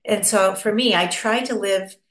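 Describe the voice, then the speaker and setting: A podcast guest from Pennsylvania, USA, this woman talks at normal speed with a medium pitch, chatting expressively through a casual interview. She likes to act out quoted voices, all captured with a roomy echo.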